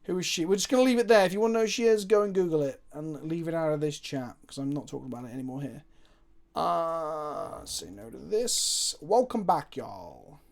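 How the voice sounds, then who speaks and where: A man's voice: a little high, lively intonation, brisk, gravelly. A man streaming a card game live, chatting casually, swearing freely and answering viewers' chat as he plays.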